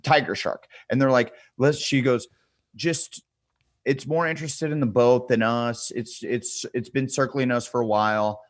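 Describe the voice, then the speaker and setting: A man's voice: mid-range voice, fairly even intonation, normal speed, dry recording. A man in his thirties, a podcast guest, telling a wild story in a casual, profane way and acting out the people he quotes.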